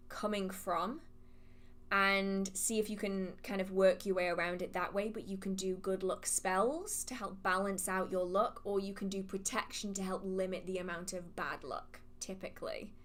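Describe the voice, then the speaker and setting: Chatty woman answering witchcraft questions live. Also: mid-range voice. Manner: chatty and animated, laughs often, hums while scanning chat. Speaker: witchcraft shop owner hosting a live Q&A. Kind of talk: casual livestream Q&A, reading chat questions aloud.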